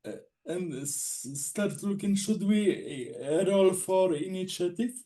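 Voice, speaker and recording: A player in a tabletop game, speaking hesitantly with many pauses and fillers. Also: mid-range voice, warm tone. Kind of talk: casual chat.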